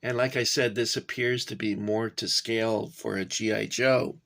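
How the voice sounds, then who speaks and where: A man's voice: on the low side, fairly even intonation, moderate pace, creaky, fairly bright tone. A man casually reviewing a toy gun model for his viewers, rambling with frequent fillers and chatty asides to "guys". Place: cramped home workspace.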